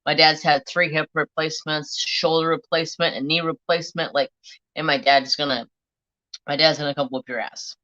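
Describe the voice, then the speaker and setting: A middle-aged woman chats with her live viewers, spinning a long, blunt story full of swearing. Her voice sits a little low but rings bright and forceful. The stream audio is dull and lo-fi. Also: steady tone, normal speed. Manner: blunt, profane, rambling storyteller. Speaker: livestream host. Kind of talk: casual storytelling to a live chat.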